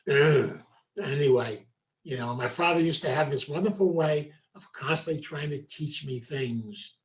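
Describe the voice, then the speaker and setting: A man, a meditation teacher, giving a folksy storytelling talk to a group, full of asides. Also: mid-range voice. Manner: folksy, conversational, many asides.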